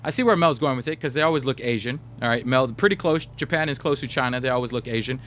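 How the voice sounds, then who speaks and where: Talking quickly in a medium-pitched, somewhat bright voice, a young man who livestreams games chats casually with his audience. He tells stories and speaks directly to the chat, with slight background noise behind him.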